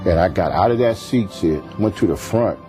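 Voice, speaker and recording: Man, very deep and mellow, earnest storyteller, faint music under him. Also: lively intonation, moderate pace. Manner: earnest storytelling, acts out quoted voices. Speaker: pastor, guest telling his testimony. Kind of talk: testimony in a TV interview.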